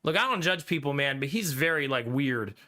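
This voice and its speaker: A man's voice: medium pitch, lively intonation, a little fast, pushed and bright. Man, streamer, casual chat with viewers, tense edgy tone, rambling, laughs a lot, swears.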